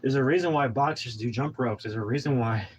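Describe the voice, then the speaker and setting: A man's voice: mid-range voice, fairly quick, slight background noise, low-quality recording. A man in his thirties, out of breath from exercising, giving a pumped-up, rambling motivational talk. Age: 30s. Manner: pumped-up, preachy, rambling with restarts. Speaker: vlogger.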